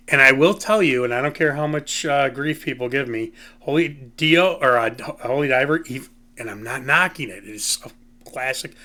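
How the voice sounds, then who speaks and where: Opinionated man rambling with a bright voice. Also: mid-range voice. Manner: says "you know" and "um" often. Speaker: host. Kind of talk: casual music commentary.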